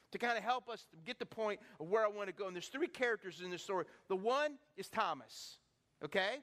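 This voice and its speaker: Male pastor, sermon delivery, very high and bright voice, animated, questions the room; long hall reverb. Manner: animated, rhetorical questions to the congregation. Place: church hall.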